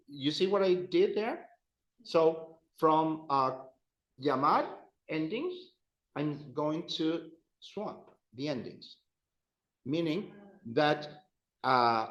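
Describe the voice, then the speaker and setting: Patient teacher in a roomy classroom. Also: male voice, a little high. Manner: patient, encouraging, drills conjugations aloud with students. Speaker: Spanish teacher. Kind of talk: adult-education language lesson. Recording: roomy, dull classroom sound.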